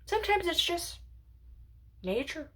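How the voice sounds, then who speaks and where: A high-voiced woman muses aloud in a slow, unhurried ramble, her pitch swooping up and down. She slips into whispers and giggles as she wonders, talking to herself at home. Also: very animated, pushed and bright. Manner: musing, drifts into whispers and giggles. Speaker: channel owner. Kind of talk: rambling philosophical monologue.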